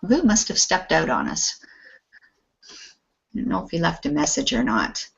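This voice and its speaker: A woman's voice: on the low side, wildly swooping pitch, normal speed, vocal fry, a bit bright, breathy edge. A woman teaching an English class online, patient and encouraging. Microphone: video call. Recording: muffled lo-fi video call audio.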